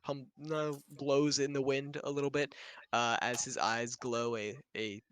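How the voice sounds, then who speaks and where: Male tabletop player, halting casual talk, smooth clear voice. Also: medium pitch, flat delivery, a bit bright, no room sound. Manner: halting, searching for words. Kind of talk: casual game chat.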